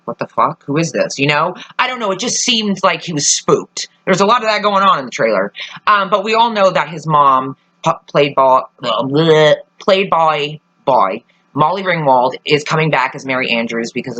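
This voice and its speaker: A woman talks casually to camera with a bright, forward voice. She rambles, swears freely and often loses the thread, then picks it up again. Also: low voice, rough recording. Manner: chatty, swears often, trails off and restarts. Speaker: vlogger reviewing a TV trailer. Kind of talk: casual chat.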